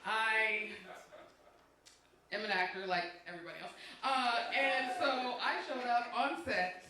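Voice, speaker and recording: A woman's voice: a little high, a bit bright. A middle-aged woman doing a stand-up set, telling stories in a brassy, sassy way and acting out the voices of the people in them. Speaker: stand-up comedian. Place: comedy club stage. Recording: roomy club echo from a distant mic with crowd. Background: audience laughter.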